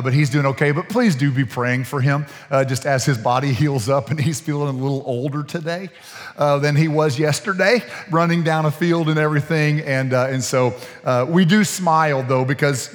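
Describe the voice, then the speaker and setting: A man's voice: on the high side, in a large hall. A man preaching as pastor, in a casual, folksy way full of restarts, chuckles and asides to the congregation. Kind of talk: sermon. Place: church sanctuary.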